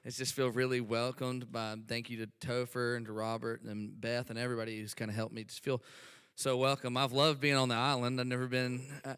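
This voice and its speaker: A man from Alabama with a Southern American accent, a missionary giving an eager, chatty sermon introduction, laughing often and filling pauses with fillers. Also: mid-range voice, little pitch movement, fairly bright tone, clear, resonant tone. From Alabama, USA. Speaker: guest speaker, missionary. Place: church sanctuary. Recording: long church hall reverb.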